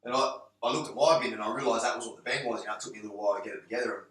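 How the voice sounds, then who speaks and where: A man's voice: on the low side, rapid-fire, a bit bright. A man in casual podcast chat, rambling through stories with lots of "mate" and "you know". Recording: roomy, distant mic.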